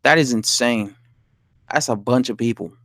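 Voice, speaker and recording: A man talks to chat during a casual boxing live stream, reading comments aloud and answering them, swearing, laughing and indignant. He has a mid-range voice with a fairly bright tone at a moderate pace, recorded in studio quality without echo.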